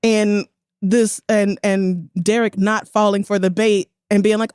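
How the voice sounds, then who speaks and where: A woman's voice: medium pitch, fairly even intonation, normal speed, a little mellow, clear, resonant tone, no echo, clean studio sound. A woman, co-hosting a casual podcast and telling a story with indignation and quoted voices. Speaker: podcast co-host.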